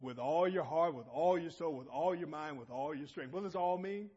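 Husky, higher-voiced man preaching. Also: normal speed, dark tone, lo-fi sound. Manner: emphatic, calls out to the congregation with questions. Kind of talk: sermon. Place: church assembly hall.

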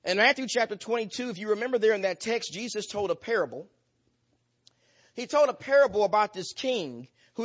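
A man's voice: high-pitched, fairly bright tone, muffled recording. A man preaching a sermon with an emphatic, repetitive cadence that builds in intensity.

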